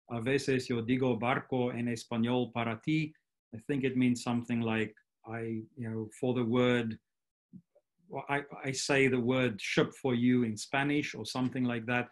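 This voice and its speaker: A man giving an academic lecture as a guest speaker at an online workshop, explaining each step and often checking in with "right?". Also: medium pitch.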